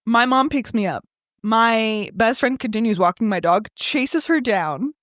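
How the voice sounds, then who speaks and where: A young woman co-hosting a podcast, telling a story in casual chat, animated and swearing freely. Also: on the high side, a little slow, no echo, clean studio sound. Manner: animated, swears freely, acts out quoted voices. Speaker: podcast co-host.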